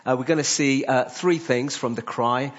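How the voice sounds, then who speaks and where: A man gives a church sermon in a husky voice at a middling pitch. He talks in short phrases broken up by frequent "uh" fillers. The sound is dull and muffled. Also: normal speed. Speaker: preacher.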